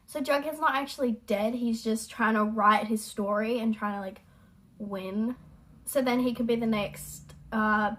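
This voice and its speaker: Young woman host, casual and apologetic, slightly high voice. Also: a bit bright, poor audio. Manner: chatty, rambling, apologetic. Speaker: reaction video host. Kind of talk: casual chat. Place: at home, indoors.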